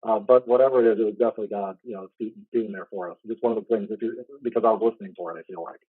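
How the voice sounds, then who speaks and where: A man in his thirties telling a heartfelt personal story in a casual, halting way, full of restarts. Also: fairly low pitch, fairly even intonation, slightly rough, no room sound, narrow, tinny audio. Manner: fast, halting, with many restarts and fillers; earnest, heartfelt. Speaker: podcast host.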